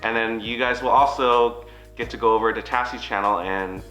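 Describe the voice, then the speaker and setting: A man's voice: mid-range voice, fairly even intonation, moderate pace, pushed and bright, roomy sound, low-quality recording. A man co-hosting a mukbang, chatting casually and walking viewers through the food. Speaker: mukbang co-host. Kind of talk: casual chat.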